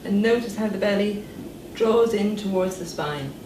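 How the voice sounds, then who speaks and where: Here a voice therapist, a woman of medium pitch, demonstrates voice and breathing exercises, coaching listeners at an unhurried, calm pace. Background noise and echo make the recording sound distant.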